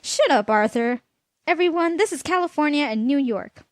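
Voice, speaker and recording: A woman voicing a brash, cheerful young father who boasts and shouts. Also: high-pitched, expressive, moderate pace, no echo, studio quality, pitched above the performer's own voice. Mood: boastful. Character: brash, cheerful young dad, heroic show-off.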